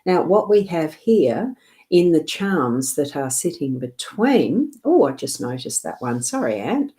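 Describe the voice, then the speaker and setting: Low mellow Australian woman reading cards. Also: sing-song, measured pace. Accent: South Australian. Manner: rambling, gentle, laughs often. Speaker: psychic card reader. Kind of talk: livestream card reading. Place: home desk.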